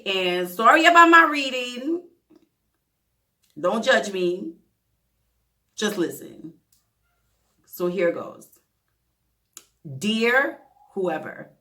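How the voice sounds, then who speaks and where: A woman vlogger with a mid-range, sharp-toned voice speaks earnestly to her viewers as she reads a heartfelt letter aloud. Close to tears and emotional, she reads haltingly, sometimes tripping over words and correcting herself.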